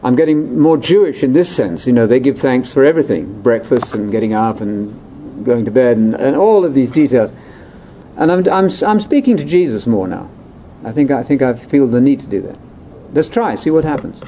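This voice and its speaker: A man leading a conversational Bible discussion, explaining in an animated way that jumps between high and low pitch. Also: moderate pace, slight background noise. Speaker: Bible teacher.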